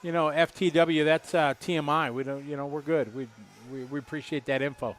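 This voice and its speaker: A man's voice: a little high, fairly even intonation, a little fast. A middle-aged man doing live race commentary, chatty and rambling, joking with viewers.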